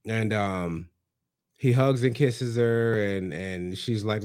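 A man's voice: lowish voice, takes it slowly, dry recording, clean studio sound. A man co-hosting a podcast, chatting casually about a reality show and acting out what the people on it said. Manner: animated storytelling, acting out quotes. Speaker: podcast co-host. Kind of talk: casual reality-TV recap chat.

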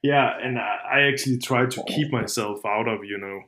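A man's voice: mid-range voice, normal speed, sharp tone. A man co-hosting a podcast in casual chat, often restarting his words and laughing. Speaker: podcast co-host.

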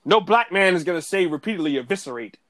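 A man co-hosting a casual wrestling podcast, talking in animated slang and laughing often. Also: on the high side, brisk, no echo. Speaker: podcast co-host.

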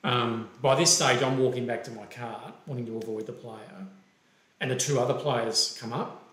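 An Australian man telling a golf story in a loose, animated way, slipping into the voices of the people he quotes. His voice sits at an ordinary middle pitch. The room around him rings with a clear echo. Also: moderate pace. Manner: animated, acts out quoted dialogue. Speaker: golf referee and podcast co-host. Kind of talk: casual storytelling.

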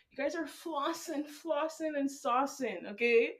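A young woman, ranting loudly and profanely in casual chat with friends about her school days. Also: high voice, a little slow. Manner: loud, profane, emphatic ranting. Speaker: podcast co-host.

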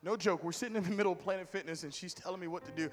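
A man's voice: sits high, racing, in a large hall, soft background music. A man preaching a sermon with humor, telling stories animatedly to his church. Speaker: pastor. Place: church hall with music.

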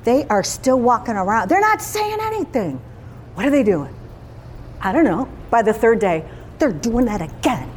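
A woman's voice: on the high side, animated, moderate pace, a little mellow, slight background noise. Woman preaching a conversational sermon. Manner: conversational, emphatic, with rhetorical questions.

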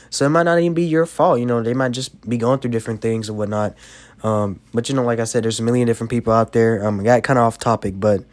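A man's voice: medium pitch, darkish tone. A young man who is sick and coughing, hosting a podcast and giving casual life advice in a rambling way, full of "you know" fillers. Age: young adult. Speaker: podcast host.

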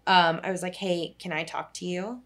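A woman's voice: fairly low pitch, fairly even intonation, moderate pace, fairly bright tone. A young woman, a social worker, telling a long personal story in casual chat, full of "like" and the odd swear word. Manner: rambling storytelling, heavy use of "like", casual swearing.

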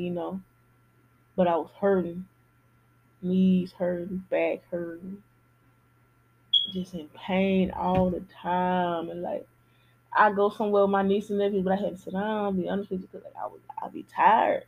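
Woman podcasting solo, husky voice, candid and chatty, dull lo-fi sound. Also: on the low side, normal speed. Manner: candid, animated, repeats for emphasis. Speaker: podcast host. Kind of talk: casual personal monologue.

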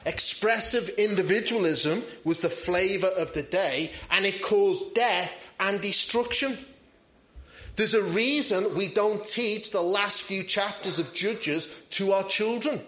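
High-voiced preacher, conversational. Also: male voice, slow pace, a bit bright. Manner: conversational, self-deprecating humor. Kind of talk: sermon. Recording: roomy, slightly dull church recording.

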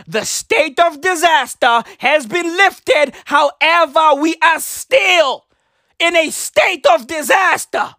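A man with a South African accent delivering a shouty, exasperated, profane comedic rant. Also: extremely high pitch, big pitch swings, takes it slowly, no echo, studio quality.

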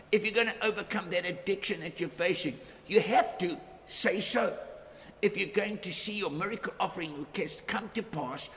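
Gravelly high-voiced middle-aged male pastor. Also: fairly bright tone, slight background noise. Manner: emphatic, repeats key phrases with rising force. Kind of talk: sermon. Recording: reverberant hall, faint ambience.

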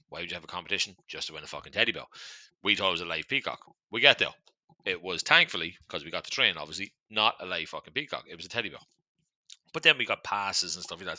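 A man's voice: low-pitched, sharp tone, no room sound, poor audio. A man with an Irish accent hosting a podcast in casual chat, chatty and swearing freely while he keeps turning to his listeners. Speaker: podcast host.

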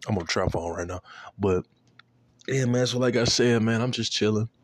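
A man's voice: lowish voice, moderate pace, no room sound. A young man vlogging, telling a rambling story in loose, profane slang full of fillers.

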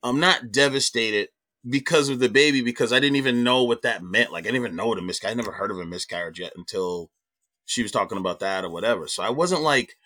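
A middle-aged man, a comedian guest, telling a personal story in animated, profane casual talk. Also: medium pitch, fast talker.

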